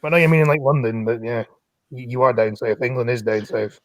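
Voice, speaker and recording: A man's voice: medium pitch, brisk, no room sound. A Scottish man chatting casually, explaining local terms in a matter-of-fact way. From Scotland. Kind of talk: casual chat.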